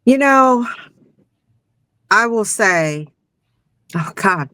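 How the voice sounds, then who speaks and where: A woman's voice: medium pitch, unhurried, fairly bright tone, no echo. A woman from South Carolina, telling personal stories as a podcast guest in a reflective, heartfelt way. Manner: reflective, heartfelt, many "you know"s. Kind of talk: emotional personal storytelling.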